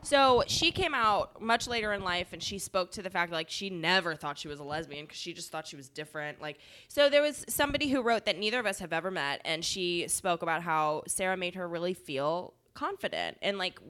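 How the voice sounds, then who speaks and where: A woman's voice: on the low side, animated, fairly quick, a bit bright. A woman chatting as a guest on a podcast, laughing a lot and mimicking others in big exaggerated voices. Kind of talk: casual podcast banter.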